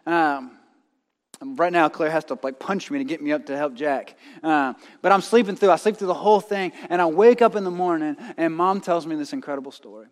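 A man in his thirties from North Carolina preaching a sermon, reading scripture and telling a personal story, dropping his voice to a hush at dramatic moments. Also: fairly high pitch, brisk, big-room sound. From North Carolina, USA. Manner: storytelling with dramatic drops to a hushed voice.

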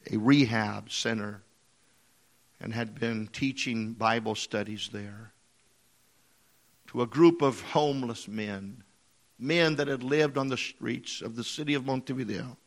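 A male preacher delivering a sermon, moving from quiet storytelling into impassioned appeals with repeated phrases. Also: medium pitch.

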